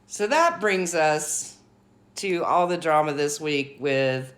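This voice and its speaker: A woman's voice: sits low, lively intonation, slow pace. A woman hosting her own commentary vlog, giving blunt, outspoken opinions in a casual talking style. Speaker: commentary channel host.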